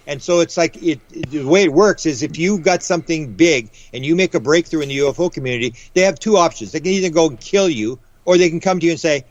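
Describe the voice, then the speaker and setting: A man as guest author in a casual interview, rambling with quick restarts and acting out the voices he quotes. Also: fairly high pitch, no room sound. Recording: dull lo-fi audio.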